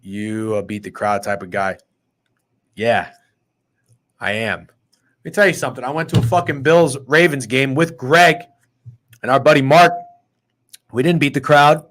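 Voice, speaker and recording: A man's voice: mid-range voice, measured pace, pauses often, a bit bright. A man in his thirties hosting a sports betting podcast, brash, profane and trash-talking in casual chat. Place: podcast studio.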